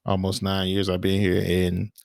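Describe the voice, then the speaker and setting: A podcast co-host speaks in a low, monotone, creaky voice that is a little mellow and clean, at normal speed. The dry, clean studio recording catches his casual, rambling stories, thick with fillers and restarts.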